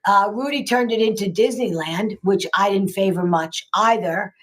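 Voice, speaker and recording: Older new lady guest, average pitch, hammers her points home over and over. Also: moderate pace, a bit bright. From New York, USA. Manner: emphatic, repeats phrases for effect. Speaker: guest, local politician. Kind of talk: casual political chat.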